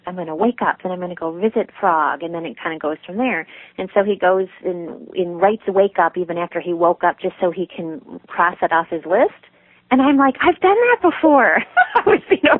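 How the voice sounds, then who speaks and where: A woman guest in a conversational interview, with a gentle, nurturing tone, telling stories and laughing easily. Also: mid-range voice, breathy edge, no room sound. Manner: warm storytelling, laughs easily. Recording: phone-like line, dry.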